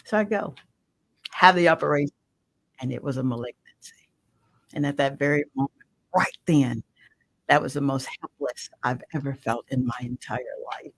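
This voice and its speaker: Middle-aged woman guest, radio host herself; passionate testimony with sudden hushed drops, dry sound. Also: rumbling low, moderate pace, long pauses, no room sound, poor audio. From Mississippi. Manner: impassioned, swings from loud emphatic to hushed. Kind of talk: emotional personal testimony.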